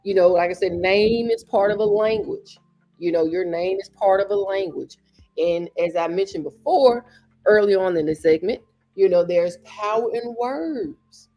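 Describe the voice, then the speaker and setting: A woman's voice: medium pitch, normal speed, dark tone, soft background music. Earnest woman podcast host, repeating for emphasis. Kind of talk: motivational talk.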